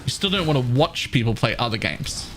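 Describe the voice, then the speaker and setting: A man's voice: mid-range voice, animated, a little fast, a little hiss or hum. A man streaming a game live, chatting casually with his viewers, laughing often and restarting his phrases.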